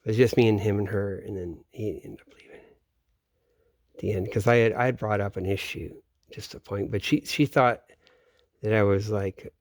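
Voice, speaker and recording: Low-voiced man in a rambling, profane monologue. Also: steady tone, moderate pace, no room sound, clean studio sound. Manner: profane, meandering, trails off mid-sentence. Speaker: vlogger. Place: home in Florida, at night.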